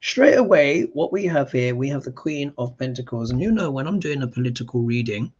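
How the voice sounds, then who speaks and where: Chatty astrologer hosting a live stream. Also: male voice, medium pitch, brisk, slightly rough, lo-fi sound. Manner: chatty, animated, reads viewer comments aloud. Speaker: astrologer and live show host. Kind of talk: live-stream chat reading.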